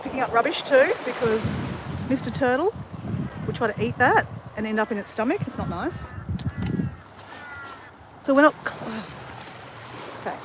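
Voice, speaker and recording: On a beach, an Australian woman livestreams a casual, rambling chat to viewers, correcting herself as she goes. Her voice is fairly high and lively, moving at a moderate pace with frequent pauses, and heavy background noise surrounds her.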